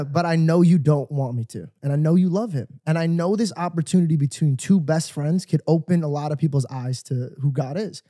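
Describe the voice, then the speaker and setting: A man's voice: fairly high pitch, brisk, few pauses, warm tone, no echo, clean studio sound. A young man co-hosting a podcast, earnestly telling a personal story, acting out the dialogue and often saying "bro". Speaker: podcast co-host. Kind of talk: casual podcast chat.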